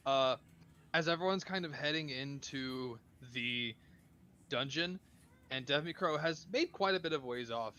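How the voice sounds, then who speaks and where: A man's voice: medium pitch, pushed and bright, a little hiss or hum. A man playing a tabletop game, describing his character's actions with hesitant fillers. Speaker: player. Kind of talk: tabletop role-play.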